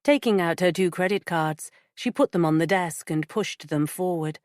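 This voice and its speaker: A woman whose voice is lowish narrates a scripted audiobook in an even, measured manner. It's a studio-quality recording with no room sound.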